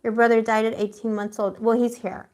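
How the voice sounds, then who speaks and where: A woman with a somewhat high voice gives a live tarot reading to her viewers. She talks in a chatty, slangy, emotional way. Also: flat delivery, fairly quick, darkish tone. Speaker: tarot reader.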